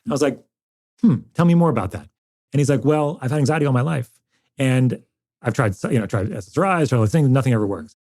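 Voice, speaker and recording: A man's voice: medium pitch, quick pace, a little mellow. A man, a doctor, explaining energetically as a podcast guest and acting out his patients. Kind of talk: explanatory interview talk.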